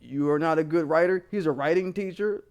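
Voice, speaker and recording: A man delivers a heated, profanity-laced rant, talking straight to his viewers. His voice sits a bit high for a man, and he keeps it blunt and casual throughout. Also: brisk, a little mellow, smooth, dull audio. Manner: blunt, heated, swearing constantly, addressing viewers directly. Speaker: commentary channel host.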